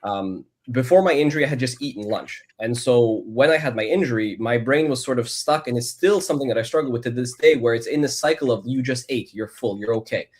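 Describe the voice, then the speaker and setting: A man from Canada, a podcast guest, telling his personal story in a reflective, measured way with frequent restarts. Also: medium pitch, a little mellow.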